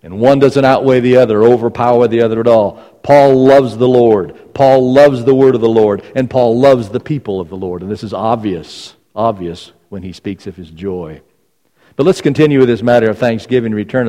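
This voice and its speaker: A man's voice: mid-range voice, fairly even intonation, normal speed, mellow. A man preaching a sermon as pastor, emphatic and repeating phrases for stress. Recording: long reverb of a large hall.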